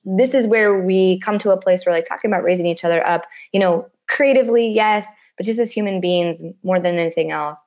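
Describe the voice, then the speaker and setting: A woman hosting a casual podcast chat with a mid-pitched voice. She gushes as she speaks and keeps an animated, heartfelt tone. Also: a little fast, hardly any pauses. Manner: gushing, warm-hearted and animated. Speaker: podcast host.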